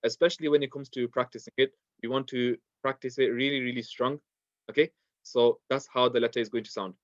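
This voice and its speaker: A man's voice: mid-range voice, steady tone, fairly quick, no echo. Brief: male teacher, patient and repetitive, dry, slightly muffled classroom recording. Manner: patient, repetitive explanations with many fillers. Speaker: Quran recitation teacher.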